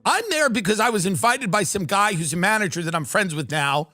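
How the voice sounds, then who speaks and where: On a live stream, a middle-aged man from New York spins loose, joking tales, ranting animatedly and slipping into impressions of the people he quotes. He speaks a little fast in a high voice, recorded with no echo.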